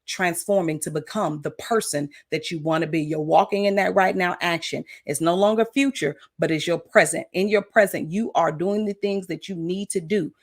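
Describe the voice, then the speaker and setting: A woman's voice: fairly low pitch, moderate pace, few pauses. A woman coach hosting a motivational livestream talk. She is encouraging, repeats affirmations, and uses many "uh" fillers. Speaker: coach and show host.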